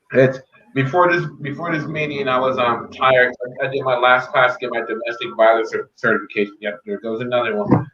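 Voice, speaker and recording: A man's voice: mid-range voice, a bit bright. Man, podcast guest, earnest faith testimony, repeats himself for weight; echoey, dull remote audio with faint hiss. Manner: earnest, faith-filled, repeats key phrases. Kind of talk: personal testimony.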